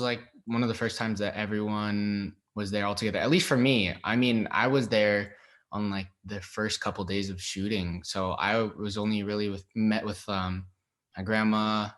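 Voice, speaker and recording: Laid-back young actor, lowish voice. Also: male voice, moderate pace. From Los Angeles. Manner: relaxed, hesitant, many ums and likes. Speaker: actor guest. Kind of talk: casual interview.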